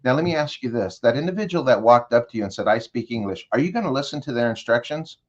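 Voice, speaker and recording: Here a male consultant with a medium-pitched voice speaks quickly and expressively, though the high frequencies are cut off. As the interview's guest, he narrates an imagined scenario for the host and keeps checking in by asking direct questions.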